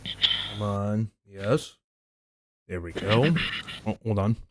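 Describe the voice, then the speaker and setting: A man's voice: lowish voice, takes it slowly, pushed and bright, slight background noise. Rambling male streamer grumbling. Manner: rambling, restarts, grumbles at updates. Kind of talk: casual chat while gaming.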